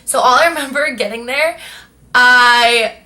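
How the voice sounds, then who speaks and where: Speaking at a measured pace in a slightly high voice, a young vlogger shares a personal anecdote. She chats casually and acts out other people's lines with animation.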